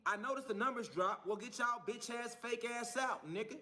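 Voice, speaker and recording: A man in a heated, profane monologue, defiant and ranting. His voice is high and bright with a sharp, forceful edge. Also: normal speed. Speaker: man telling his own story in a clip. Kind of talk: angry monologue.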